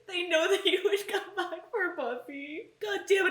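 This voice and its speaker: A woman's voice: very high-pitched, unhurried, a little hiss or hum. A young woman reacting to a TV episode, swearing freely, laughing and tearing up as she talks. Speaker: TV reaction host. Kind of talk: casual reaction commentary. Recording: echoey room, mic from a distance. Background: show audio playing.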